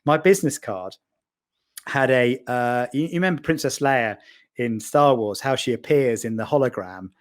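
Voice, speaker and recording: A man, a podcast guest, telling lively anecdotes in casual storytelling style and acting out the voices of people he quotes. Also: medium pitch, moderate pace.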